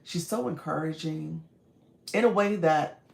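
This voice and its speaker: A woman with a naturally raspy voice, a bit strained today, hosting a casual live stream and greeting viewers warmly. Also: deep voice, a little slow, slight background noise. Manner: warm, encouraging, greets viewers often. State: voice a little strained. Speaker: live-stream host and coach. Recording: echoey room.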